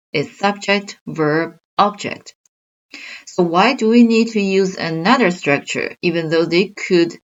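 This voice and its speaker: A woman teaching a grammar lesson, explaining slowly and carefully with examples. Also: fairly low pitch, dull audio. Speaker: Chinese language teacher.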